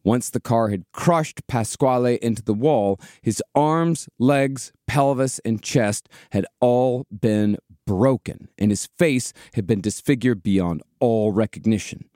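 A man with a mid-range voice, narrating a historical tragedy for a podcast in a steady, measured way. The sound is dry and close, with little room around it. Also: medium pitch, dry recording. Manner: measured storyteller with casual swearing. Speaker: podcast host.

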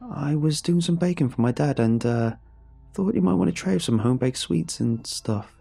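A man's voice: fairly high pitch, animated, moderate pace, vocal fry, warm tone, slightly rough, soft background music, pitched above the performer's own voice, full character voice. A man voicing a nervous young man who stammers and hesitates, in a told horror story.

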